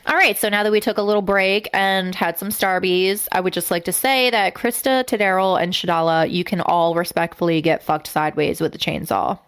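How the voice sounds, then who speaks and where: A woman's voice: on the low side, fairly even intonation, brisk, few pauses, clean tone. A young adult woman co-hosting a true-crime podcast, talking bluntly and with a lot of swearing as she gets emotional. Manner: blunt and profane, getting emotional. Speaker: podcast co-host.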